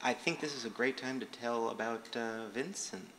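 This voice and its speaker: A man moderating the panel, prompting the guest in a brisk way. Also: medium pitch, a bit bright.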